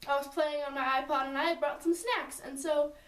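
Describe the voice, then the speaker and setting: A woman's voice: high voice, fairly even intonation, brisk, distant mic. A woman telling a friend a story in a casual, rambling way, full of "like" and "and so" asides. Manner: chatty, rambling with many "like" and "and so" asides. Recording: roomy sound from away from the mic.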